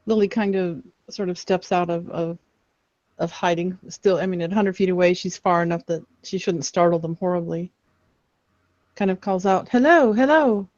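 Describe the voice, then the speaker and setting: A woman's voice: lowish voice, little pitch movement, normal speed, a little mellow, dry recording. A woman playing a tabletop game, casually describing her character's actions, in dull, dry audio. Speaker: player.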